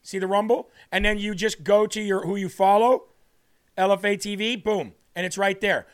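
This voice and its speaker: A man with a raspy voice hosting a show, talking casually and rambling to his viewers. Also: high-pitched, fairly even intonation, brisk, fairly bright tone. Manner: rambling, conversational, addresses viewers as folks. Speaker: host. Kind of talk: casual livestream talk.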